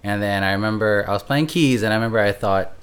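A man's voice: fairly low pitch, quick pace, clear, resonant tone. A man, a guest musician from Hawaii, talking in a laid-back, hesitant way. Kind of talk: casual chat.

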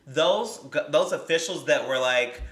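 A man's voice: a little high, a little slow. A man co-hosting a casual podcast discussion, telling stories with animation and acting out quotes. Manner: animated storyteller, acts out quotes. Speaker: podcast co-host. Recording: echoey room.

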